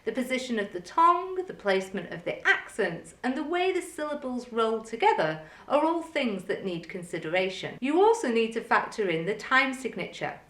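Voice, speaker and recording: A woman teaching music, explaining things clearly and methodically and counting rhythms aloud. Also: on the high side, big pitch swings, moderate pace, hardly any pauses, a bit bright, roomy sound. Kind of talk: instructional video lesson.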